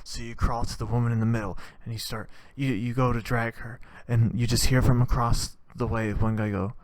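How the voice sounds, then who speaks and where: A man's voice: mid-range voice, flat delivery, a little fast, hardly any pauses, no room sound. A man hosting a podcast, delivering a rambling, profane comedic monologue in which he acts out scenes. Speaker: podcast host.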